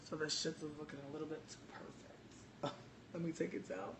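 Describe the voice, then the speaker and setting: A livestream host ranting to viewers in a brash, loud, profane and sassy way, speaking from a bar. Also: mid-range voice, moderate pace, slight background noise. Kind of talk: brash casual rant to viewers.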